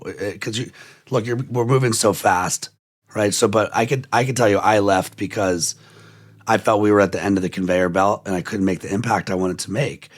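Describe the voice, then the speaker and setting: A man hosting a podcast, rambling animatedly in conversation and acting out what others said. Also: fairly low pitch. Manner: animated, rambling, acts out quoted voices. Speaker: podcast host. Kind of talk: conversational interview.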